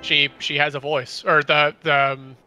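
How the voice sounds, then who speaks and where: Bright-voiced young gamer guy. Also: a little high, little pitch movement, normal speed, soft background music. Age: 20s. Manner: wry, joking, rambling with fillers. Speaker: gamer streaming with a friend. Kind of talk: casual gaming chat.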